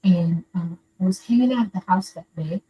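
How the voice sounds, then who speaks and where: A fairly low, warm voice, moving a little fast, belongs to an older woman from Florida, USA, who calls in to share something personal. Her casual storytelling is sincere and rambling, captured by a distant microphone with faint background noise.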